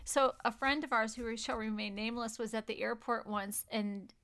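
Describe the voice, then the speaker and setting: A woman's voice: on the high side, fairly even intonation, no room sound. A middle-aged woman co-hosting a faith podcast, telling stories and praying aloud in an earnest way. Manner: slow, warm, earnest. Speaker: podcast co-host. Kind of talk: casual chat and spoken prayer.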